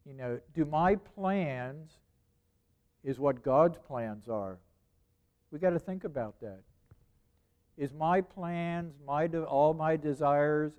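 A man's voice: on the high side, darkish tone. A man preaching a sermon in a conversational way, repeating phrases and asking rhetorical questions.

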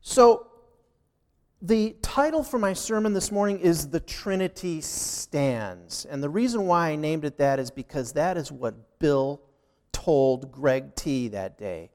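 A man's voice: a little high, expressive, slow pace, a little mellow. A man preaching a sermon, telling a personal story and acting out the dialogue with emphasis. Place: church sanctuary. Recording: long hall reverb.

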